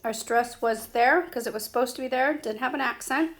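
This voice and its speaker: A woman teaching Spanish explains a grammar lesson slowly and patiently, checking in with her students using "okay?" and "right?". Her voice is a little high and fairly bright.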